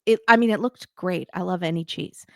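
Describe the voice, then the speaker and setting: A woman's voice: on the low side, a little fast, vocal fry, darkish tone, dry recording. Woman, podcast host, casual recap chat, sarcastic, laughing, dry close mic. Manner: sarcastic, laughing, quotes people in put-on voices.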